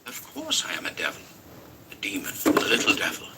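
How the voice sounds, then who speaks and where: A man voicing a sly, cold little demon familiar that talks in a shrill, wheedling way, in a storybook reading. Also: huge pitch swings, a little fast, gravelly, very noisy, heavily acted.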